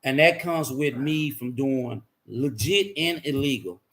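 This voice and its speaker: A man's voice: medium pitch, lively intonation, a little slow, a bit bright. A man candidly telling his life story in a rambling, profane way, repeating himself as he goes.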